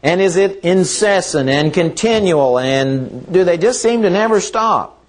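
A male preacher delivers a sermon at an unhurried, deliberate pace. He talks earnestly and leans on repeated phrases to drive each point home. His voice sits slightly high for a man. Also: lively intonation.

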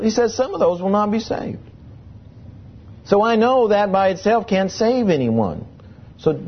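A man's voice: sits high, husky, muffled recording. A man preaching a sermon, emphatic and full of rhetorical questions.

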